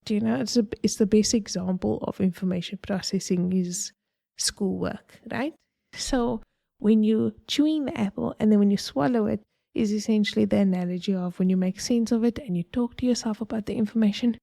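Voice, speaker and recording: A woman's voice: mid-range voice, fairly quick, gravelly, mellow, no echo, clean studio sound. A woman hosting a podcast, explaining ideas in a chatty, digressive way with homely analogies. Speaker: podcast host. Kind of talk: casual explanatory talk.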